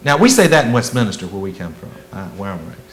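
A man preaching a sermon as a pastor, in a folksy, conversational way that swings between loud emphasis and hushed asides. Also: fairly low pitch, very animated, quick pace, poor audio.

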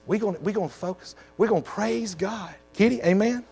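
A man's voice: high voice, brisk, gravelly, a little mellow, slightly rough, soft background music. Emphatic male pastor preaching. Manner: emphatic, repetitive exhortation. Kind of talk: sermon. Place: church sanctuary.

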